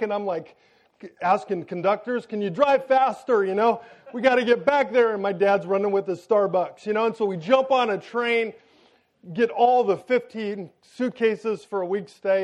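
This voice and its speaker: A man preaching to a congregation, telling a personal story in an animated way and often turning to the audience with questions. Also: high voice. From United States.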